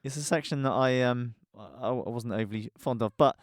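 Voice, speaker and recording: A man's voice: mid-range voice, moderate pace, no room sound, clean studio sound. A man co-hosting a music podcast in casual chat, telling anecdotes with frequent restarts. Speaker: podcast co-host.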